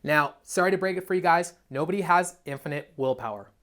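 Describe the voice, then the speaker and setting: A man's voice: fairly high pitch, brisk, a bit bright. A young man, a dating coach, giving a blunt, profane, emphatic motivational monologue. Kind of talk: motivational self-help monologue.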